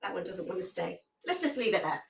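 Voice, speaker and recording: A woman's voice: mid-range voice, big pitch swings, fast talker, vocal fry, heavy background noise. A woman hosting a live food photography tutorial, chatty and self-deprecating while she works hands-on.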